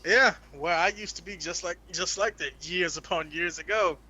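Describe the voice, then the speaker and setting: A man in casual podcast chat, making slow, wry remarks. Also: high voice, bright, forceful tone, highs cut off.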